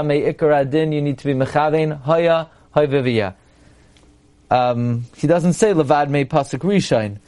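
Male rabbi lecturer, slightly high voice, explanatory Torah-class delivery. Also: a little mellow. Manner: explanatory, reads Hebrew text then translates, frequent restarts. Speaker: rabbi teaching halacha.

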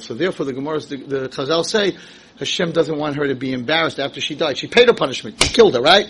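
A man teaching a Torah class, emphatic and animated, asking rhetorical questions and rising to shouts. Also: on the high side, fast talker, noisy background. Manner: rhetorical questions, acts out quotes. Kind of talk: Torah lecture.

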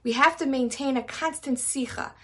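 A woman's voice: high voice, normal speed. A woman teaching a weekly class on the Psalms, talking earnestly and conversationally, mixing in Hebrew terms and building emphatic lists. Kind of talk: informal religious lesson.

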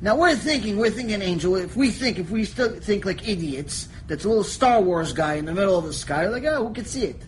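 A man teaching a Torah lecture, animated storytelling that jumps between quiet asides and shouted lines, joking with his listeners. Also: sits high, a little fast, hardly any pauses, slight background noise, low-quality recording. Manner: animated storytelling, acts out voices, jokes, shouts for emphasis. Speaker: rabbi teaching a lecture series.

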